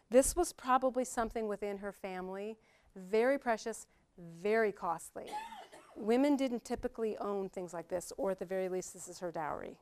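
A middle-aged woman leads a Bible study in a conversational way. She is chatty and animated, laughing now and then as she walks through the passage. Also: mid-range voice, a little fast.

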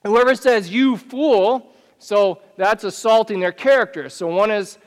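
A man preaching a sermon as pastor, talking in a conversational, animated way with many questions to the listeners. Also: high voice, moderate pace, smooth. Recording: long reverb of a church hall.

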